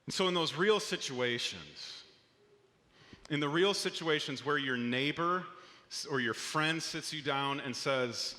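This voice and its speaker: A man's voice: medium pitch, a little slow, bright, forceful tone, long reverb tail. A man preaching a sermon as a pastor, in an earnest, conversational way with small restarts, in a church auditorium.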